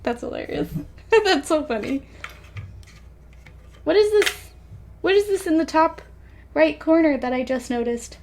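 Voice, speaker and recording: A woman's voice: high-pitched, animated, a little slow, pauses often, a little mellow, slight background noise. A woman hosting a let's play, reading a story game aloud with giggly, chatty comments. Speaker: gaming channel host.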